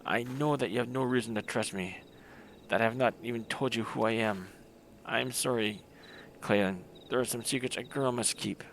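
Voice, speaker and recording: A man's voice: mid-range voice, moderate pace, a bit bright, slight background noise, natural voice. A man voicing a wounded, mysterious young woman who speaks faintly and hesitantly. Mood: pleading.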